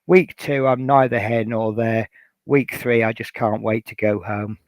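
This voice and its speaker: A man from Norfolk chats his way through a hobby livestream, reading viewer messages aloud between rambling asides. His voice has a gravelly edge. The sound is dry and close, with no room echo. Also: medium pitch, fairly even intonation, unhurried. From Norfolk, England. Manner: rambling, reads out chat messages with many fillers. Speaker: livestream host. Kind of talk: casual livestream chat.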